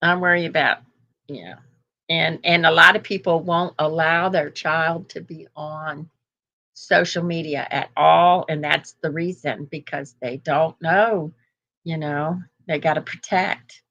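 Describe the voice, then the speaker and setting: A woman's voice: sits low, steady tone, unhurried, fairly bright tone, lo-fi sound. An older woman hosting a casual live chat, rambling through stories and laughing often. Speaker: host.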